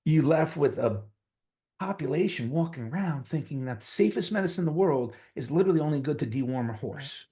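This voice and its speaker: A middle-aged man with a New York accent, a physician guest on a conversational interview, telling stories with lively pitch swings. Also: brisk. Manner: animated storyteller, voices quotes with big pitch jumps.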